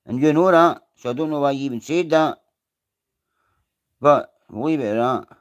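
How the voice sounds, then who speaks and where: A man's voice: a little high, moderate pace, clear, resonant tone. A man with a Scottish accent hosting a casual live stream, rambling, swearing freely and greeting viewers by name. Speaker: livestream host.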